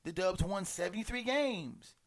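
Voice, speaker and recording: A man's voice: high-pitched, expressive, moderate pace. A man delivering a sarcastic, emphatic sports commentary monologue, stumbling and restarting often.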